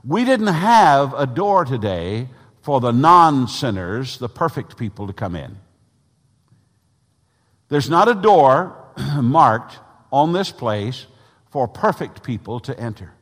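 A male pastor preaching a sermon in a church, emphatic, often clearing his throat and leading the congregation to repeat lines after him. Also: fairly high pitch, sing-song, takes it slowly. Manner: emphatic, leads congregation call-and-response. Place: church sanctuary. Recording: long reverb of a church hall.

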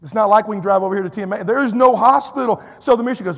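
A man from Texas preaching a sermon in a high, gravelly voice, telling a personal story in an animated way and acting out each person's lines. He often drops in "you know" asides. His voice rings out with the long reverb of a church hall. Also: rapid-fire. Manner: animated, acts out quotes, drawling fillers.

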